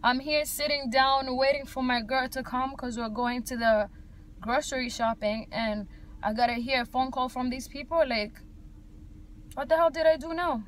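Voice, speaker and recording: A woman's voice: sits high, steady tone, moderate pace, a bit bright, a little hiss or hum. A young woman from Africa, a single mother, venting to her viewers in a casual vlog, blunt and heated, swearing freely and saying "like" often.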